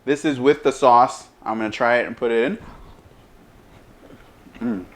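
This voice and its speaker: Man, home cook host, slow unhurried talk, mid-pitched voice, chewing and humming between lines. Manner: talks with mouth full, lots of savoring hums; slow, relaxed delivery. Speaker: chef, cooking show host. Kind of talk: casual cooking demo and taste test.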